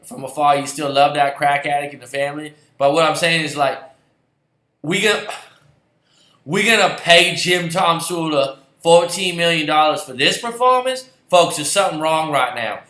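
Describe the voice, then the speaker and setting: Angry sports fan guy ranting, kinda high voice, sarcastic, swears a lot. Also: moderate pace, sharp tone. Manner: heated, sarcastic, swears, repeats himself. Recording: roomy echoey recording.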